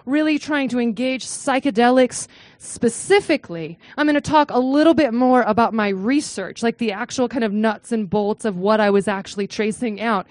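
Animated woman lecturer from the Midwest, high voice, dry close sound. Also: no room sound. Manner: animated, frequent "right?" asides; acts out quotes in a high excited voice. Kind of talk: academic talk to a live audience.

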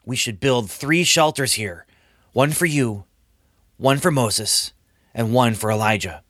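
A man's voice: medium pitch, unhurried, a bit bright, dry recording, clean studio sound. A man voicing an impulsive, earnest adult male disciple in a storybook reading, speaking in an emphatic, blurting way. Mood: eager.

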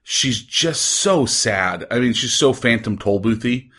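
A man's voice: mid-range voice, lively intonation, a little slow, bright, forceful tone, husky. A man guesting on a podcast in casual chat, rambling and jokey, trailing off and restarting mid-thought.

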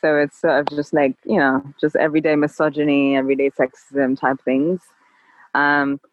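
A woman guest on an interview, talking in a calm, level, measured way. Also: very deep voice, dry recording. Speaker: podcast guest. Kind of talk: casual interview chat. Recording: dull lo-fi dry sound.

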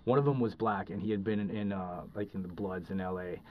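Low-ish guy rambling thru a story on a podcast, lots of uh and like, kinda dull lo-fi audio. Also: a little fast, slight background noise. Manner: rambling, heavy with fillers and restarts. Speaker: podcast guest. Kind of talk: casual storytelling. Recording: dull lo-fi recording.

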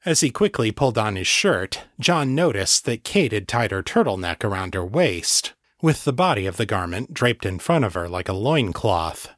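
A man reading a novel aloud as an audiobook narrator, in an even, measured storytelling way. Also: fairly low pitch, no echo, clean studio sound.

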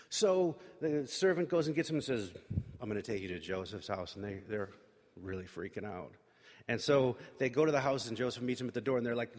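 A man's voice: mid-range voice, expressive, moderate pace. A man casually retelling a Bible story, full of fillers and voiced quotes for the characters. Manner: loose retelling with lots of fillers and acted-out quotes. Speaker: Bible teacher. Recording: long reverb from a large room.

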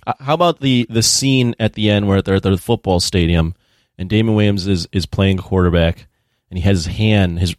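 A man's voice: low-pitched, normal speed, dry recording, studio quality. A man co-hosting a casual movie review podcast, retelling scenes in a rambling way with lots of restarts. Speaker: podcast co-host.

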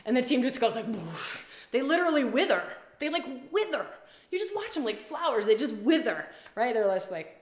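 A woman leading a women's community, talking casually on a live stream, animated, swearing freely and repeating her phrases. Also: fairly high pitch, fairly quick, echoey room. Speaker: women's circle and retreat leader.

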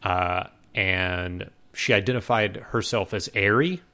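A man's voice: low voice, slow. Easygoing man chatting with fillers. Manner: relaxed, hesitant with many fillers. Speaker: podcast co-host. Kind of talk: casual chat.

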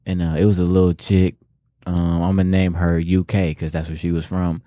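A man's voice: sits low, level tone, normal speed, dark tone, dry recording, clean studio sound. A man co-hosting a casual podcast chat, telling stories in a laid-back, slangy way and laughing often. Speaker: co-host.

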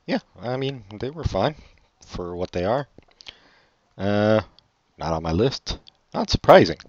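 A man co-hosting a casual podcast chat, sarcastic and teasing, often trailing off quietly. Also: fairly low pitch, big pitch swings, a little slow, dry recording. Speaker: podcast co-host. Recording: dull lo-fi audio.

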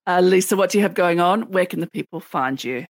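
A woman's voice: lowish voice, quick pace, vocal fry, no echo. A woman co-hosting a podcast, with dry, teasing humor as she jokes and reads the outro. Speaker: podcast co-host. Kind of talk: casual podcast chat, reading outro.

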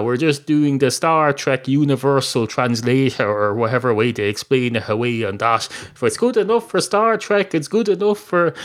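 A man's voice: mid-range voice, natural voice. A man voicing a chatty, welcoming young mother Mary, who over-explains and rambles, in improvised comic storytelling.

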